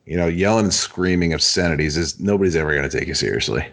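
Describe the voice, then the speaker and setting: A young father co-hosting a podcast, talking in an earnest, measured casual chat. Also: low-pitched, gravelly, a bit bright. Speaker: podcast co-host.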